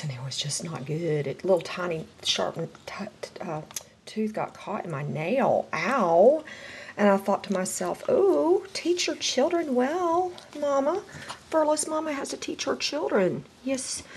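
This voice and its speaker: A woman's voice: lowish voice, slight background noise. A middle-aged woman, a dog breeder chatting casually through a home video and talking baby talk to her dogs. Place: house, indoors.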